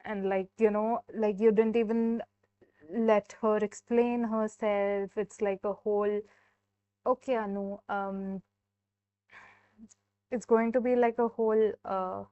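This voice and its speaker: A woman's voice: medium pitch, flat delivery, slow pace, pauses often, mellow, clean tone, no echo. Chatty woman reading tarot. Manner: chatty, heavy use of "like" and fillers. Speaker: tarot reader. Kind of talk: live-stream tarot reading. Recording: dull, dry sound.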